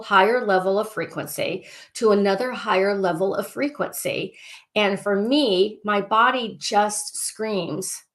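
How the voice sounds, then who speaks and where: A woman life coach runs a casual group session, excitable and circling back on herself, frequently repeating phrases and clearing statements. Her voice is medium in pitch.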